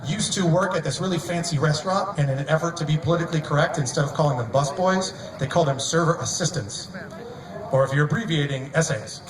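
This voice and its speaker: A man doing a live stand-up set on an outdoor stage, wry and deadpan, sometimes laughing at his own jokes. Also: on the high side, quick pace. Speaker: stand-up comedian. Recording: echoey, distant mic, noisy outdoor crowd. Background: outdoor crowd ambience.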